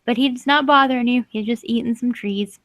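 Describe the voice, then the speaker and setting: Woman running a tabletop game, kinda high voice, giggly and casual, dry close sound. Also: fairly bright tone, dry recording. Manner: casual, laughing easily, quick asides. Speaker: game master.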